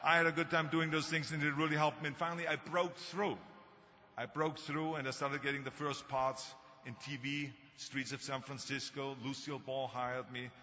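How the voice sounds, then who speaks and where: A man's voice: medium pitch, fairly even intonation, moderate pace, bright, forceful tone. A man in his sixties with a German accent, giving an anecdotal, joking commencement speech with firm emphasis. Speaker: commencement speaker. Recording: echoey hall, dull lo-fi sound, faint noise.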